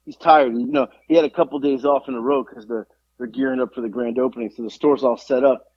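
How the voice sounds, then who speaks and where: A man's voice: mid-range voice, fast, husky, dry recording, highs cut off. A man in his forties co-hosting a podcast, telling stories in casual chat, acting out quotes and swearing freely. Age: 40s. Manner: animated storytelling, acts out quotes, swears freely. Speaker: podcast co-host.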